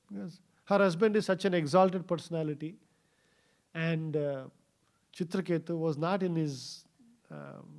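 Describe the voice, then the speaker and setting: A man giving a scripture class in a temple, telling a story with many fillers and pauses. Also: a little high. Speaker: scripture speaker. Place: temple hall.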